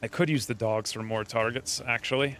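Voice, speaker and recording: A man streaming a strategy game, talking excitedly over the play and crying out when his fighters get hit. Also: medium pitch, fairly quick, clear, resonant tone, faint music behind. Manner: animated, yelps and cries out at hits. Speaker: gameplay streamer. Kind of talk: excited gameplay commentary.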